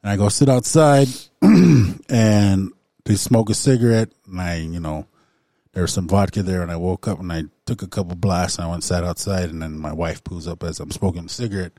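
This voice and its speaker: Low-voiced man, halting testimony at a recovery meeting, lots of throat-clearing, dry close sound. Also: dark tone, dry recording. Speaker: recovery group member sharing. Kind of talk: personal testimony in a recovery circle.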